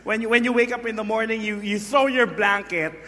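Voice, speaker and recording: A husky-voiced man with a Filipino accent preaching a live sermon, bantering playfully with his congregation. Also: sits high, fairly quick, bright, forceful tone. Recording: echoey hall.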